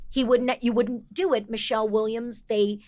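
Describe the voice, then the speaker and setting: A woman voice actor talking as a podcast guest, enthusiastic and quick with asides, often restarting her thoughts. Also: fairly high pitch, steady tone, darkish tone. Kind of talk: casual interview chat.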